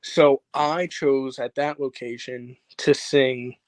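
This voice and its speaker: Brief: male co-host, relaxed teasing banter, mid pitch, dry close sound. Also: takes it slowly, dry recording. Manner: laid-back, teasing, says "bro" and "like". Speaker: co-host of a wrestling watch-along. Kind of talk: casual live commentary chat.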